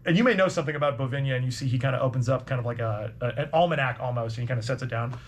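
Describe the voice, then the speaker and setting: A man's voice: medium pitch, racing. Rambling man running a tabletop game. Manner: loose, rambling narration with frequent laughs. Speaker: game master.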